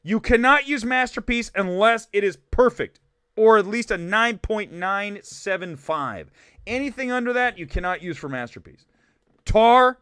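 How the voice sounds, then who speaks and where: A man from Ohio hosting a live film talk stream, ranting quickly with animated, mock-shouted asides. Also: high-pitched, dry recording, clean studio sound. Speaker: livestream film show host. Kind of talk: animated livestream rant.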